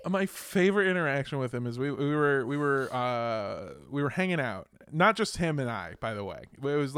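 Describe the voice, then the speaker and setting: A man from the States hosting a podcast, swearing and joking as he plugs the show. His voice sits a touch high and the sound is close and dry, with no room around it. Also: smooth, no echo. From United States. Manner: joking, profane, loud impressions of friends. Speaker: podcast host. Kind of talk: casual chat.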